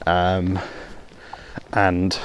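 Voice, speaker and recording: A man's voice: sits low, completely flat delivery, extremely slow, slight background noise. A man hosting his own podcast, talking casually and rambling with lots of ums while walking outdoors in heavy rain on a hands-free headset. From Wales. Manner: rambling, self-deprecating, many ums. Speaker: podcast host. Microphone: hands-free phone headset.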